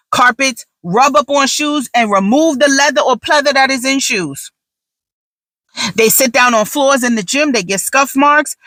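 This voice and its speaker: A sassy woman in her thirties tells stories as a podcast host, her voice bright and forceful. She talks in an animated, quick way. The sound is dry and close. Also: on the high side, no echo, rough recording. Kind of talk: casual talk monologue.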